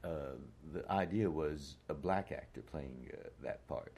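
Deep, husky older man reminiscing. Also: unhurried, darkish tone. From United States. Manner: reflective, hesitant with many fillers. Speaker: interview guest, actor. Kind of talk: conversational interview.

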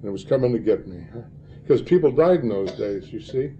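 Older guy rambling through stories at a talk, mellow low voice, keeps saying huh, kinda muffled lo-fi recording. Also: animated, a little fast, a little hiss or hum. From northern Illinois, USA. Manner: rambling storyteller, tags many lines with "huh?". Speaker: speaker addressing an audience. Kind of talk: talk to a live audience.

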